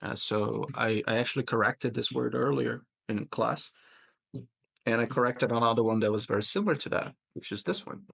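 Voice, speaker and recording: Guy teaching english pronunciation, gravelly fry in his voice, says words over slowly. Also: mid-range voice, fairly bright tone. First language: Portuguese. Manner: patient, repeats words slowly to model pronunciation. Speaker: English teacher and podcast host. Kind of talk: pronunciation coaching in casual chat.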